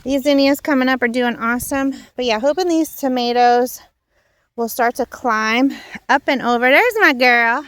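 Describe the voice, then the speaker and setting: This young woman speaks in a high voice and sounds slightly out of breath as she strolls through her garden. She chats casually to the camera, trailing off and correcting herself as she goes. Her voice is close and dry, with little room sound, as though from a phone held near her. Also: normal speed, a bit bright, dry recording. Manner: chatty and rambling, with many fillers and self-corrections. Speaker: home gardener and channel host. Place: outdoor backyard garden.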